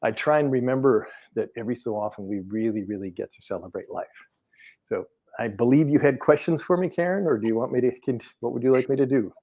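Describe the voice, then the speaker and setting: Middle-aged man, energy healer, earnest rambling stories, mid-pitched voice, dull lo-fi sound. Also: quick pace. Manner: rambling, earnest, many fillers and restarts. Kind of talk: podcast interview storytelling. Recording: dull lo-fi audio.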